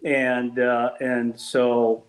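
An older man, a former team executive, telling anecdotes as an interview guest, animated and full of restarts. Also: medium pitch, very slow, low-quality recording. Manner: animated storyteller with many restarts.

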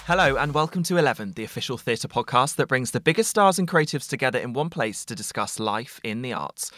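A man's voice: mid-range voice, animated, brisk, a bit bright, faint music behind. A man hosting a podcast, reading an intro and then chatting and teasing his guest. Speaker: podcast host. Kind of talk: scripted intro then casual interview chat.

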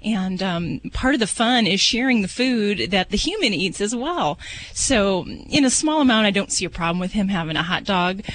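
A woman hosting a radio advice show on pet birds, answering gently and reassuringly with frequent fillers. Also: mid-range voice, lively intonation, moderate pace, poor audio.

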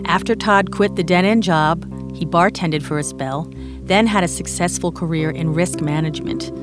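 A woman hosting a radio show, reading calm, measured introductions between stories. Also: fairly low pitch, music in the background. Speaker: radio host. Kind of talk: scripted radio narration.

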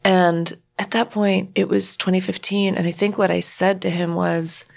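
A woman's voice: on the low side, little pitch movement, normal speed, creaky. A woman sharing a personal family story as a podcast guest, emotional, acting out the voices of the people she quotes. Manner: emotional, acts out quoted dialogue.

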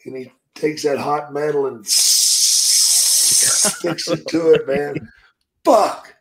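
A man's voice: on the high side, steady tone, takes it slowly, sharp tone, a little hiss or hum. An older man, a retired wrestler, telling stories in a casual, profane, drawling way. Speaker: podcast guest, retired wrestler. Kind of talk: casual storytelling.

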